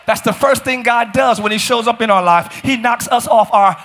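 A man with a very high, bright, ringing voice, preaching a sermon. He asks the congregation questions and drives his points home, rising into shouts and sung phrases. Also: moderate pace, soft background music, some chatter behind. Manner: call-and-response preaching, builds to shouting. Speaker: pastor. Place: large church.

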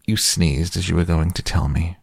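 A man's voice: low-pitched, fairly even intonation, creaky, breathy edge, dry recording, clean studio sound, full character voice. Winnie the Pooh, a man voicing a humble simple bear. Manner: humble, slow, dreamy. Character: gentle, simple-minded male bear, humble and hungry.

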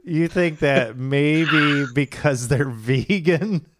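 A man in a casual podcast chat, laid-back and quick to laugh. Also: a little high, no room sound, studio quality.

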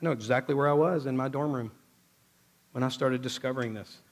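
A man preaching a sermon, emphatic, moving from loud exclaiming to low, intense passages as he quotes scripture and retells stories. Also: fairly quick.

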